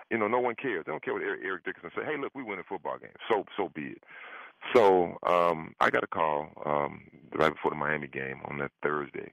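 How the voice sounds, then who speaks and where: A man's voice: creaky, no echo. A man telling a story on a sports radio show, acting out both sides of phone calls and repeating "I said" as he goes. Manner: repeats "I said" often, voice jumps high for quoted lines. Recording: dry, tinny phone-line call-in.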